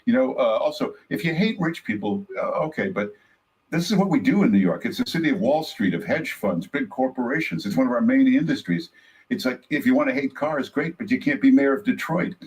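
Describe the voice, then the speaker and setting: A man's voice: medium pitch, very animated, a little fast, distant mic, poor audio. A male guest commentator on a talk radio show, blunt and dismissive in his opinions.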